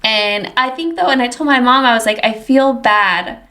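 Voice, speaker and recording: A woman's voice: on the high side, a little fast, bright, forceful tone. A woman in her thirties, a podcast guest telling her story in casual chat, acting out her own and others' reactions. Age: 30s.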